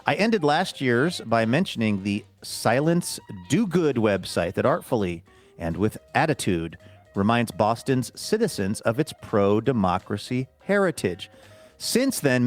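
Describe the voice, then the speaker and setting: A man's voice: medium pitch, sing-song, unhurried, faint music behind. A man co-hosting a podcast in casual chat, rambling and self-deprecating. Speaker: podcast co-host.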